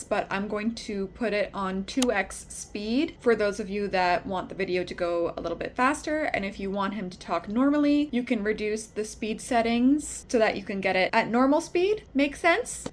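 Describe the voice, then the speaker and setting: A woman beauty vlogger introducing her video in a chatty, direct way with quick asides. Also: a little high. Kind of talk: casual vlog intro.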